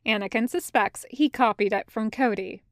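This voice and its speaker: A woman reading fan fiction aloud as a podfic narrator, in a measured storytelling manner. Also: on the high side, a bit bright, no room sound, clean studio sound. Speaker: podfic reader.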